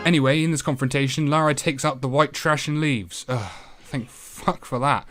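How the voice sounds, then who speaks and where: A man's voice: medium pitch, normal speed, music in the background. A British man hosting a retro game review show, giving a comedic voice-over full of sarcasm and swearing.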